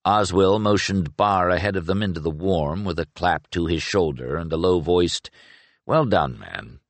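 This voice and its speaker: A man narrating an audiobook in a measured storytelling manner. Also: sits low, fairly even intonation, dry recording. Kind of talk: scripted narration.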